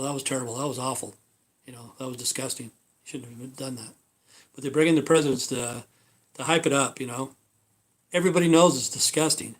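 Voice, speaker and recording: A man hosting a livestream, ranting casually in a blunt, profane way with lots of repeated fillers. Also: a little high. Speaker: livestream host. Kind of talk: rambling casual rant.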